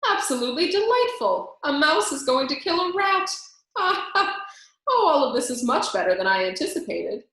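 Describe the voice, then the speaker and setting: A woman's voice: high voice, big pitch swings, moderate pace, fairly bright tone, heavy reverb, voice pushed up, exaggerated voice. A woman voicing a gleeful, cruel male rat with a gloating, theatrical manner.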